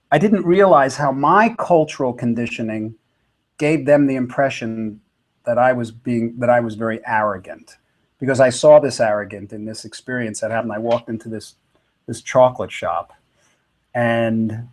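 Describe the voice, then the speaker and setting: A middle-aged man speaking at an everyday pitch. He tells his story in a loose, rambling way, stopping and restarting often. He sounds like a touring musician answering a question. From United States. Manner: rambling, many fillers and restarts. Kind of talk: reflective storytelling.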